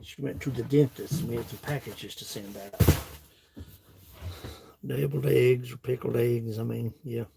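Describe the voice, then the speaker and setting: A man's voice: medium pitch, steady tone, moderate pace, creaky, pauses often, dark tone, slight background noise. A man with a Kentucky accent chatting casually with his livestream viewers in a folksy, laughing country drawl. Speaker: woodworking livestream host. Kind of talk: casual chat reading live comments.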